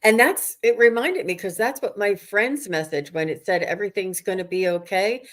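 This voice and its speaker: A woman's voice: medium pitch, moderate pace. A woman hosting a psychic livestream, chatting casually and enthusiastically over a video call and greeting viewers. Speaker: psychic medium host.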